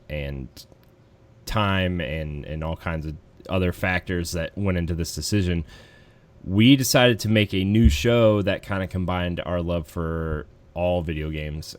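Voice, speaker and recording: A man hosting a casual gaming podcast, rambling easily with plenty of fillers. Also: deep voice. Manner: relaxed, rambling, lots of fillers. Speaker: podcast host.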